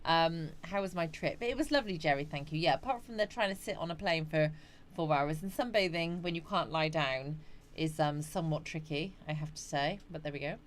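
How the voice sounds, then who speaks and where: Chatty woman, middle-aged, lowish voice, livestream host reading out comments, faint background hiss. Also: a little fast. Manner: chatty, greets viewers by name, frequent yawns and laughs. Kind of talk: casual live chat reading out viewer comments.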